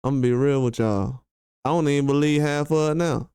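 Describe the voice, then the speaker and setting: A man's voice: mid-range voice, a little fast, dark tone, smooth, no echo, clean studio sound. A man hosting a commentary video, ranting in a heated, slangy, emphatic way and repeating his points. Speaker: commentary channel host. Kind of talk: casual commentary rant.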